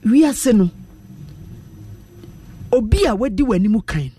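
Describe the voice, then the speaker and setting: A man with a Ghanaian accent, a radio co-host in casual, animated banter that turns preachy. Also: high voice, slow, far from the mic. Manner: animated, preachy, sings snatches of hymns.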